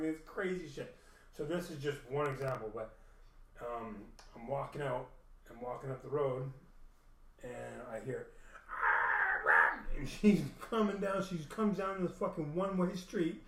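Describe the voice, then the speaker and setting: A man telling a long profane story in a rambling, casual way, acting out the dialogue. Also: medium pitch. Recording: echoey room, mic at a distance.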